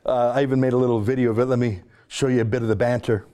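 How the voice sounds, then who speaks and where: Canadian male podcast host, brisk and chatty, mellow low-toned voice. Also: fairly even intonation. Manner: brisk, chatty, self-mocking. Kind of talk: podcast monologue and field report.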